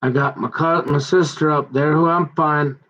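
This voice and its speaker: A man telling a long personal grievance in a rambling, halting way, often restarting his sentences and growing heated as he goes. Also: fairly high pitch, steady tone, fairly bright tone, poor audio. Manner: aggrieved, heated. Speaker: son recounting a family conflict.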